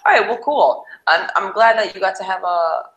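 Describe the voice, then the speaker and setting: A woman's voice: medium pitch, moderate pace, rough recording. A young woman teaching English in a casual conversation lesson, chatty and easygoing. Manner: chatty, lively intonation, says she changes tone all the time.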